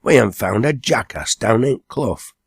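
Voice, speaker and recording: A man voicing an excitable young village lad with a broad Lancashire accent, talking raised and eager. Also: mid-range voice, measured pace, breathy edge, no room sound, studio quality, exaggerated voice. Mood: bold.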